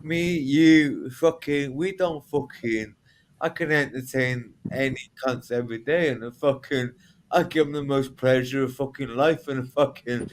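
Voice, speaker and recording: A man's voice: on the high side, fairly bright tone, slight background noise, low-quality recording. A man in a casual online group chat who swears constantly, rambles and trails off. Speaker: chat participant.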